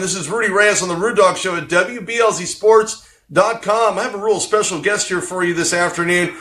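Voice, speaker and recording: Upbeat man hosting a live show. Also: high voice. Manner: energetic, rambling questions. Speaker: host. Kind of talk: live-streamed interview show.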